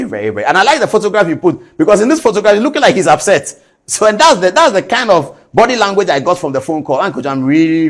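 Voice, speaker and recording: A Ghanaian man hosts a TV talk show, reading out papers and then commenting on them with heavy emphasis. His voice sits a little high and swings widely in pitch as he talks. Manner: animated, emphatic, reads documents aloud.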